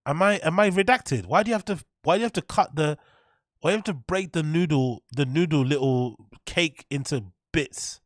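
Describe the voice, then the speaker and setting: A man with a slightly high voice and moderate pace hosts a reaction show, delivering mocking, incredulous, sweary rants in bursts. The audio is clean studio sound with no room echo.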